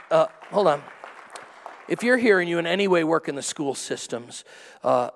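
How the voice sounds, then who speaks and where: A man preaching a sermon as pastor, telling stories with sudden excited peaks and a lively back-and-forth with the congregation. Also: mid-range voice, a little hiss or hum. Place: church auditorium. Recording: long hall reverb.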